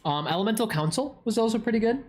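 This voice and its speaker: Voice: medium pitch, expressive, quick pace, a little mellow. Give me a stuffy-nosed streamer casually answering viewer questions with crude, joking insults, in a middling voice. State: stuffy nose.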